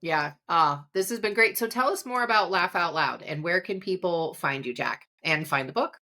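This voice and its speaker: Woman, podcast host, casual chat, giggly and rambling, bright tense tone, lowish voice. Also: animated, moderate pace. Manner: giggly, rambling, laughs often.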